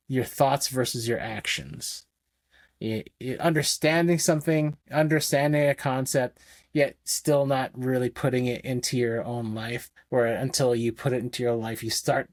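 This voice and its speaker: A man's voice: mid-range voice, a little mellow, dry recording. A man guest on a casual podcast, rambling and correcting himself, laughing as he retells movie scenes.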